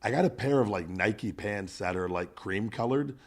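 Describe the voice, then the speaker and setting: A man's voice: fairly low pitch, normal speed. Profane man telling gym stories. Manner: profane, animated storytelling. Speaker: podcast host. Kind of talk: casual podcast chat.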